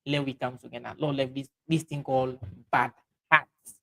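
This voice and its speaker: A man with a Sierra Leonean Krio accent hosting a livestream, reading out viewer comments in halting speech full of fillers and restarts. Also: mid-range voice, fairly even intonation, a bit bright, poor audio. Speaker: livestream host.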